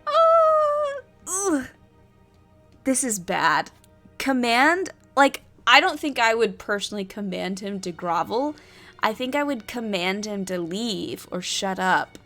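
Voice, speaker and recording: A woman's voice: mid-range voice, expressive, measured pace, bright, forceful tone, soft background music. A woman reading and playing through a solo tabletop adventure, chatting and thinking aloud between passages. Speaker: solo player and narrator.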